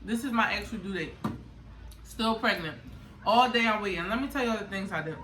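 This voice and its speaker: A young woman telling her birth story in casual storytime chat, animated and laughing often. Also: medium pitch, brisk, slight background noise. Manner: animated, laughs often, loud acted outbursts. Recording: echoey room, mic a bit far.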